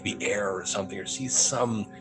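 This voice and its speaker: A man's voice: fairly low pitch, normal speed, over music. A young adult man telling a ghost story casually, acting out the dialogue with laughs. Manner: animated, acts out quoted dialogue with laughs. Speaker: paranormal investigator telling his story.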